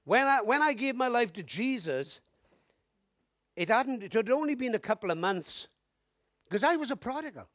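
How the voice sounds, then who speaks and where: A man preaching a sermon, telling his testimony in an animated storytelling way and building to emphatic appeals. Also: very high voice, moderate pace, pauses often, dry recording.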